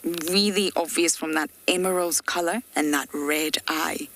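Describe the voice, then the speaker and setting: A woman safari guide giving chatty, explanatory live commentary from a game-drive vehicle outdoors, sometimes dropping to hushed asides. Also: low-pitched, fairly even intonation, measured pace.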